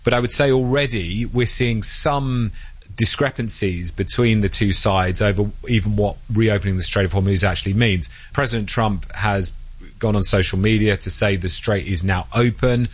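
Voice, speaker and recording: A male correspondent giving a measured, analytical news report with occasional hesitations. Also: fairly low pitch, dry recording. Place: Washington.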